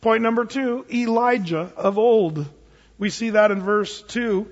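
A man's voice: high-pitched, measured pace. A male pastor preaching a casual, joking sermon in a church, with sudden emphatic bursts. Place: church sanctuary. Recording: muffled, long reverb in a hall.

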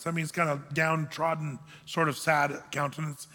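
A male pastor teaching through scripture in a relaxed, conversational way that he spices with dry jokes. His voice sits high and sounds bright and forceful. It rings out with a long reverb from a large hall. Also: normal speed. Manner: conversational, joking asides. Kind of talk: sermon, verse-by-verse teaching.

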